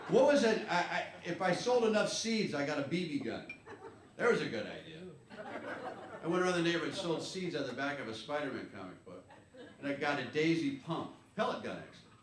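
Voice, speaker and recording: Animated fifty-something comedian in echoey club. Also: male voice, fairly high pitch, brisk. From USA. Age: 50s. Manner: rambling, wry storytelling with shouted punchlines. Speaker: stand-up comedian. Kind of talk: stand-up comedy set. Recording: echoey live club, clear background noise.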